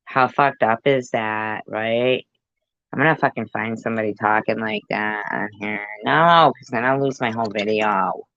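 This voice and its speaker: A woman's voice: very deep voice, normal speed, a bit bright, no room sound. A middle-aged woman giving casual reaction commentary in a profane, joking, rambling way. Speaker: video commentator. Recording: dull lo-fi sound.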